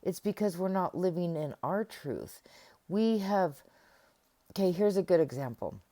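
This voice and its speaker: Speaking to camera, a middle-aged woman delivers a relaxed self-help talk and acts out remembered dialogue as she goes. Her voice is fairly low and mellow, animated, at a measured pace.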